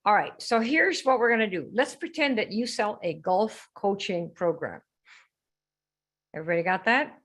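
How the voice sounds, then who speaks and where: A brash woman hosting a live sales coaching stream, teasing and quizzing her viewers as she goes. Her voice sits at a middle pitch with a husky, breathy edge. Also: animated, moderate pace, fairly bright tone.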